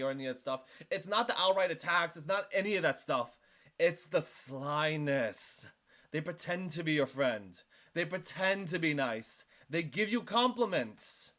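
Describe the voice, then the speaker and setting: High, lively man reacting on stream. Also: normal speed. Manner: animated, emphatic, lots of "like". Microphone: desk microphone.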